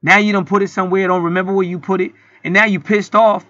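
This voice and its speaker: A man with a sharp, bright voice delivers an indignant, profane vlog rant. The sound is dry and close, with a dull, lo-fi tone. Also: high voice, flat delivery, fast talker, no room sound. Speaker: channel host. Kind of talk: heated commentary vlog.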